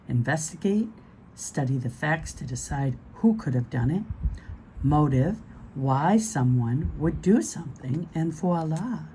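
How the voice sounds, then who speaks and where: A woman reading a children's storybook aloud, gentle and expressive. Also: low voice, a little slow, a little hiss or hum, poor audio.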